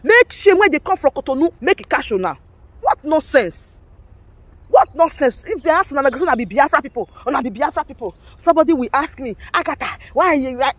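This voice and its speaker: A Nigerian-accented woman with a high voice delivers a fired-up vlog rant. She scolds over and over and drops into Pidgin between English phrases. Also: expressive, quick pace, few pauses, fairly bright tone, no echo. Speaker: political commentator.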